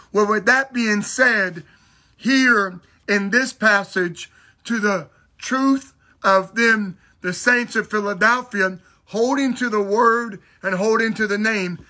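A man teaching a Bible lesson in a sermon style, emphatic, repeating key phrases and slowing down to stress them. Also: sits high, bright, forceful tone. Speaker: pastor teaching a Bible study.

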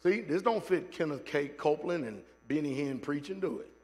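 High-voiced, fired-up preacher. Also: male voice, expressive, normal speed, a little mellow. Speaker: pastor. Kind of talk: sermon. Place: church sanctuary.

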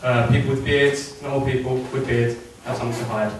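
A young man performing a stand-up routine with jittery, deadpan delivery, recorded by a distant camera in a room with an audience. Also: mid-range voice, slight background noise. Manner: jittery, quick asides, deadpan punchlines. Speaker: stand-up comedian. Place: club or function room with audience. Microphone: distant camera mic. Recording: echoey room from far off. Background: audience laughter.

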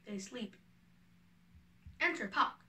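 A woman's voice: fairly high pitch, lively intonation, slow pace, pushed and bright, distant mic, low-quality recording. A woman reading speaker names and stage directions from a play aloud, a little away from the microphone. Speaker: reader.

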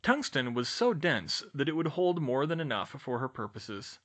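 A man reading a fan fiction audiobook aloud in steady storytelling narration. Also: normal speed. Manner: steady storytelling, lively pitch. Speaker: audiobook reader.

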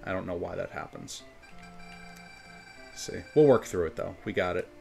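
A man's voice: sits low, normal speed, vocal fry, warm tone. A man from New York with a New York accent, chatting casually as a game streamer and rambling between topics. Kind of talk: casual gameplay commentary. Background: faint game music.

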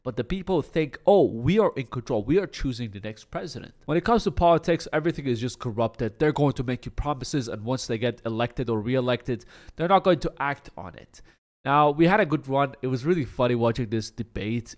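A man's voice: mid-range voice, brisk. A young man vlogging comedic political commentary in a mocking, sarcastic way.

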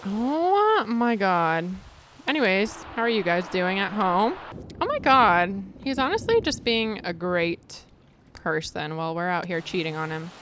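A woman giving casual, excitable commentary over her own gameplay, chatting with viewers and reacting dramatically. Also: mid-range voice, a little slow, slight background noise. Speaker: gaming video creator.

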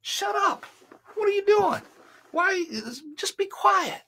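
An annoyed bystander hisses at a beggar to hush, as a preacher acts it out. The voice goes high and pinched but stays held back in volume. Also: male voice, steady tone, takes it slowly, heavily acted. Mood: scolding. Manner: high, scolding, hushed. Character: annoyed crowd of townsmen hushing someone.

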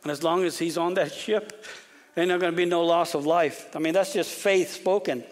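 A male pastor delivers an animated expository sermon, often repeating words and dropping to a whisper for emphasis. His voice is on the high side, at normal speed.

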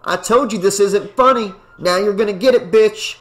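A man voicing a brash, stubborn young male musician who shouts when alarmed. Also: fairly high pitch, takes it slowly.

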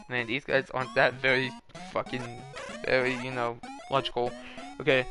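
A man's voice: medium pitch, steady tone, moderate pace, sharp tone, faint music behind. A man casually commentating a video game at home, laid-back, swearing and laughing between remarks. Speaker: gamer commentating a let's play. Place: room in a house, at home.

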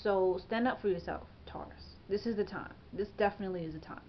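Speaking to camera on the astrology channel she hosts, this woman delivers a casual, tarot-style forecast. She's emphatic and chatty, peppering her talk with "okay?" and "you know" and laughing as she trips over words. Her pitch is medium and her pace brisk, captured in a muffled recording with a little background noise.

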